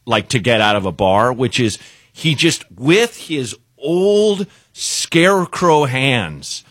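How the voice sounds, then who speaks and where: A man's voice: medium pitch, big pitch swings, slow pace, fairly bright tone, breathy edge, no room sound. A man who is a stand-up comedian, telling a comic story as a guest on a radio show and laughing through his own punchlines, recorded on a studio microphone.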